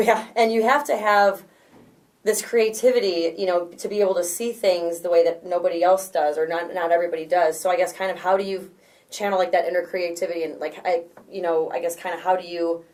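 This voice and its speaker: Woman speaking in a soft, encouraging interviewer voice. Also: lowish voice, fairly even intonation, brisk. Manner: encouraging, frequent affirming murmurs and laughs. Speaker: interviewer, reporter. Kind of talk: casual interview.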